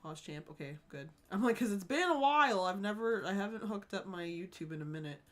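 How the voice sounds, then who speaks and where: A woman's voice: medium pitch, animated, a little fast. A woman streaming live, chatting casually with her viewers, swearing freely and laughing often.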